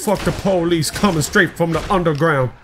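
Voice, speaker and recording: A man's voice: fairly high pitch, moderate pace, faint music behind. A young man giving casual gameplay commentary as a YouTuber, crude, joking and rambling, swearing often.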